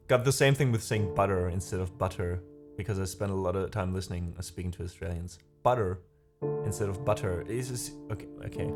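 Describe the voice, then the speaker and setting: A man's voice: sits low, fast talker, hardly any pauses. A man whose first language is not English, hosting a music livestream and chatting casually with viewers, rambling and laughing at himself. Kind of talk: casual chat reading viewer comments.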